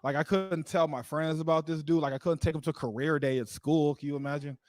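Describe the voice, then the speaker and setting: A man's voice: fairly high pitch, steady tone, fairly quick, a little mellow, dry recording. A man performing a live stand-up comedy set into a stage mic, rambling with lots of "like" and laughing at his own jokes. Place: live comedy show venue.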